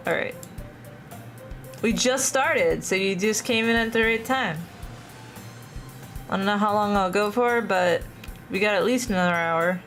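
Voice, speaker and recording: A young woman live-streaming a visual novel, reading its lines and chatting with her viewers. Her voice sits in an ordinary middle pitch and she laughs often. Faint game music plays behind her. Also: a little slow, pauses often, a bit bright.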